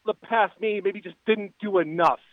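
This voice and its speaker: A man's voice: sits high, moderate pace, no room sound, natural voice. A man calling in as a frantic male time traveler from a future war, pleading urgently. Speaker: caller. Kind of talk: comic call-in bit. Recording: tinny phone line.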